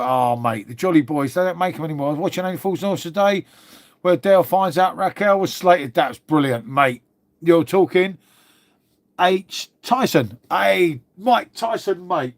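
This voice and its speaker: London-area bloke chatting on his livestream, bit of a cold, swears a lot, says mate every line, slightly high voice. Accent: London-area English. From England (Old Windsor, Berkshire). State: congested with a cold. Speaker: livestream host. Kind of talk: casual chat reading live comments.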